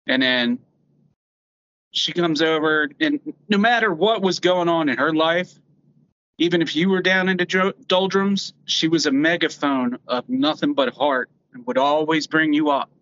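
Man, bright tense timbre, halting heartfelt memory, muffled lo-fi. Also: a little high. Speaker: friend sharing a memory. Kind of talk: casual memorial remembrance.

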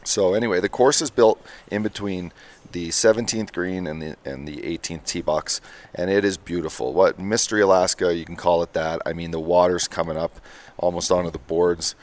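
A man's voice: sits low, steady tone, moderate pace. A man hosting a casual podcast chat, rambling through stories with an easygoing delivery. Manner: laid-back, rambling storyteller. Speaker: podcast host.

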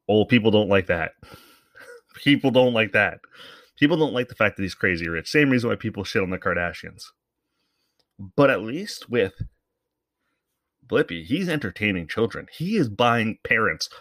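A man's voice: on the low side, a bit bright, no room sound, clean studio sound. A man hosting a podcast, giving casual, rambling commentary in a sarcastic, profane way. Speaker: podcast host.

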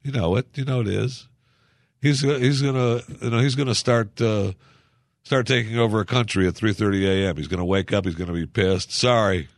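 A man's voice: lowish voice, fairly quick, dry recording, clean studio sound. A man giving casual political commentary as a podcast host, in a sarcastic, ranting, mocking manner.

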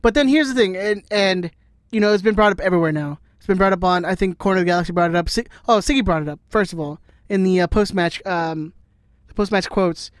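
A man co-hosting a casual sports podcast with quick, playful banter. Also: high voice, clear, resonant tone, no echo, studio quality. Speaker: podcast co-host.

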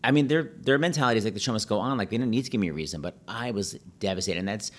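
A fast-talking man, a pianist and Broadway host appearing as a podcast guest, tells lively stories in casual conversation. When he quotes people, he breaks into high, put-on voices.

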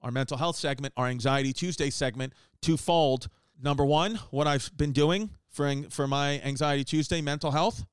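Casting note: chatty New guy, fairly high voice, smooth and dry, riffs and jokes as the host from his living room. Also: no room sound. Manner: rambling, joking, quick asides. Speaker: podcast host. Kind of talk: casual comedic monologue.

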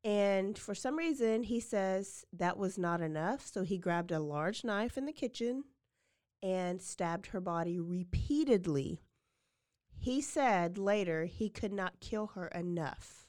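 Woman podcast host chatting thru a true crime story, mid pitch, lots of "like" and little acted quotes. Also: expressive, takes it slowly, a little mellow.

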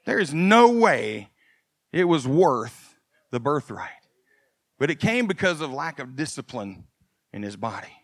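A male pastor preaching a sermon, animated and swinging from quiet folksy asides to loud emphasis. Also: mid-range voice, measured pace, pauses often, dry recording, clean studio sound.

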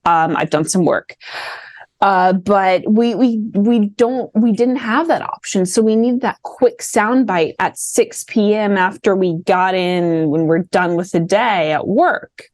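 A woman with a faint Midwestern accent, a podcast guest talking politics in rapid, animated bursts with frequent restarts. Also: medium pitch, no room sound. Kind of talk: casual political chat.

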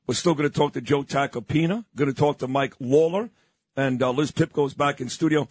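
A man's voice: medium pitch, fairly quick, a little mellow, slightly rough, no echo. An older man from New York hosting a morning radio show, telling a story in an emphatic, boastful way.

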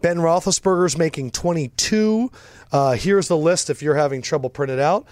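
A man co-hosting a sports podcast, his voice sitting a touch high. He keeps the casual talk moving with quick questions, recorded close and dry with no room sound. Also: a little mellow, dry recording. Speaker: podcast co-host.

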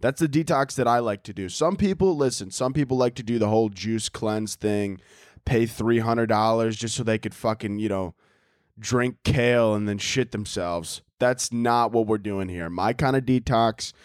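A man's voice: fairly low pitch, moderate pace, no room sound, studio quality. A young man hosting his own podcast solo, rambling in a profane, self-mocking way and laughing often at his own jokes. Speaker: podcast host. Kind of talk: casual comedic podcast monologue.

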